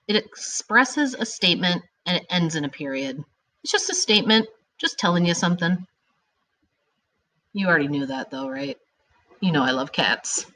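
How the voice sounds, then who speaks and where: An upbeat woman teacher takes young students through a grammar lesson. Her voice sits a little low. She is animated and drags out her example sentences to make them stick.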